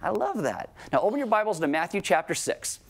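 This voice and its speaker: A man's voice: sits high, sing-song, a little fast. A man preaching a sermon in a church, talking conversationally and acting out quoted voices with animation. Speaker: pastor. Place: church sanctuary.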